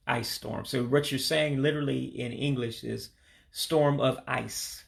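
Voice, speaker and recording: Gravelly man teaching vocabulary. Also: medium pitch, steady tone. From Michigan, USA. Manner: repeats words slowly, hesitant with many fillers. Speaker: language learner teaching vocabulary. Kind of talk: casual spoken vocabulary lesson.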